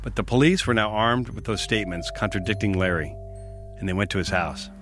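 A man hosting and narrating a true-crime report, telling the story in a measured, matter-of-fact way and putting questions to an interviewee. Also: lowish voice, music in the background. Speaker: podcast host and reporter.

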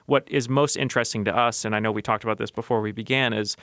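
A man's voice: mid-range voice, fairly even intonation, quick pace, fairly bright tone, no echo. Earnest man talking in a dry studio. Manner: earnest, thoughtful, with many fillers and restarts. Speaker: podcast host as a radio guest. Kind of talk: conversational interview answers. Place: radio studio.

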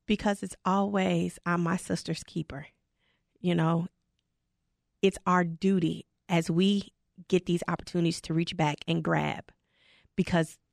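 A woman who is a high school football head coach, talking passionately and emphatically in an interview. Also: gravelly, no room sound, clean studio sound. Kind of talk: casual interview talk.

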